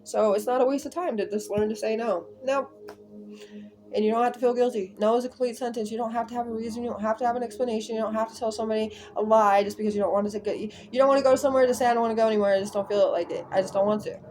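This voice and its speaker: A woman's voice: a little high, steady tone, rapid-fire, darkish tone, a little hiss or hum. A woman giving a casual spiritual tarot reading, talking emphatically and rambling with lots of repetition. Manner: emphatic, rambling, repeats herself. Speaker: tarot reader.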